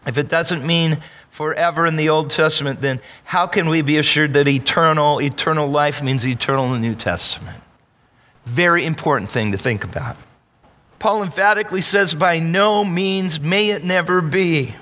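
A male pastor preaches with a high, ringing voice, pressing his points and prompting the congregation to answer. The sermon carries a long reverb, as if recorded in a large church sanctuary. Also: normal speed, pushed and bright. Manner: emphatic, calls on the congregation to answer.

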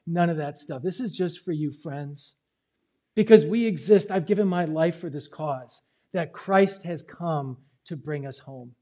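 Earnest high-voiced male pastor. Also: unhurried. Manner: earnest, pleading, swings between loud and quiet. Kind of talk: sermon. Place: church service.

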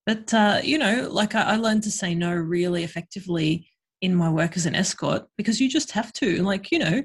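Woman guest, husky, frank and chatty. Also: lowish voice, normal speed. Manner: frank, chatty, lots of fillers. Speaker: guest, sex worker and educator. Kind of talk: casual podcast conversation.

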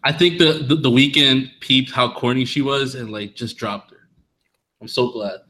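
A man's voice: mid-range voice, measured pace, sharp tone. A man co-hosting a podcast in casual chat, laid-back and slangy, often restarting his sentences. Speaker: podcast co-host.

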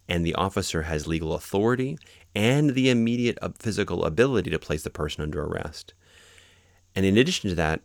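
A man with a very low, gravelly voice talks through legal cases in a relaxed lecture. He explains each point step by step and adds everyday examples to make it clear. The sound is close and dry. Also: no room sound. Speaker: podcast host explaining court cases.

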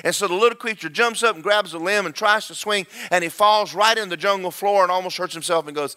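A man preaching a sermon through a story, fast and animated, rising into shouted praise. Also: high-pitched, clean tone.

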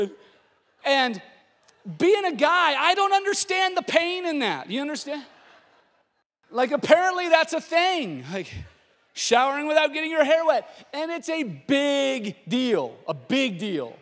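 A man preaches with a fairly high voice, telling stories with animation. He drops to a near hush and then climbs back to loud. His voice rings out with a long reverb in a church sanctuary. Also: normal speed. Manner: animated storytelling, swinging from hushed to loud. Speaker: pastor. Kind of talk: sermon.

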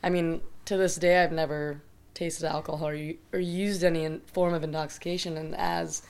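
A woman's voice: sits low, level tone, moderate pace, darkish tone, clear, resonant tone. A woman in her thirties sharing thoughts reflectively in a casual conversation. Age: 30s. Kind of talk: casual chat.

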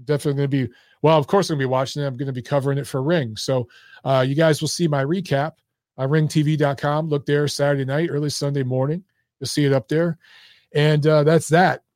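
Guy hosting a boxing stream, blunt and cussing, slightly high voice, losing his voice, dry close sound. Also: steady tone, quick pace, darkish tone, no room sound. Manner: blunt, profane, talks straight to viewers. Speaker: boxing show host. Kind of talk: casual live-stream chat.

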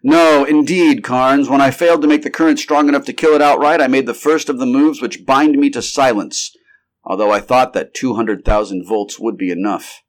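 A man's voice: mid-range voice, steady tone, moderate pace, voice pushed up, close to an everyday voice. A man voicing a commanding middle-aged scientist who leads a monster hunt and speaks in clipped, urgent commands in a storybook reading. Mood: earnest.

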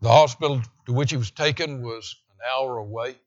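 A man preaching a sermon with emphasis, slowing down to read scripture aloud. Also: mid-range voice, lo-fi sound. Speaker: pastor.

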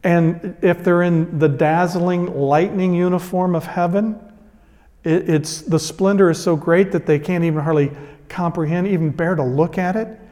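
Male pastor, slightly high voice, earnest storytelling sermon, long hall reverb. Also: fairly even intonation, moderate pace, warm tone.

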